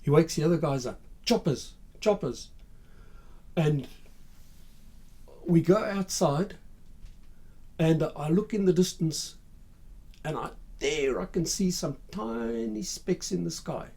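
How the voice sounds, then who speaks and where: An older man tells his war story in a husky voice, a little high for a man. He stumbles over words and restarts, keeping it quiet and plain. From Zimbabwe. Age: 60s. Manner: halting, repeats words, low-key retelling. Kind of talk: spoken war memoir.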